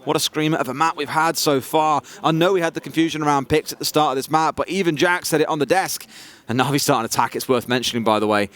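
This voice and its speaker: Excitable esports caster, high voice. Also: male voice, quick pace. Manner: playful, teasing, excitable. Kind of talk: play-by-play commentary and banter. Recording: noisy broadcast mix.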